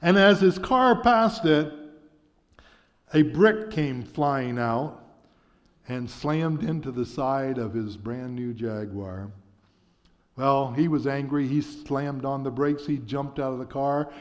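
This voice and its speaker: A man preaching a sermon, telling a story in an earnest, measured way in a church sanctuary. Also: medium pitch. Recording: dull sound with long church reverb.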